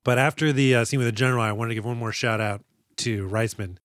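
A man's voice: medium pitch, steady tone, quick pace, fairly bright tone, no echo, studio quality. A man co-hosting a casual movie podcast, joking and acting out lines from films. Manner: jokey, acts out movie lines in quoted voices. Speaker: podcast co-host.

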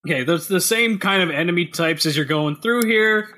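Bright-voiced guy on a headset mic, joking around about a game, loves puns. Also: high voice, moderate pace. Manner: joking, pun-loving, laughs often. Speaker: podcast co-host. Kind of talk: casual game review chat.

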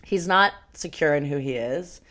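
Low-voiced woman chatting animatedly. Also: moderate pace. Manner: animated, swearing, laughs often. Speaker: podcast co-host. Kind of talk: casual chat about a film.

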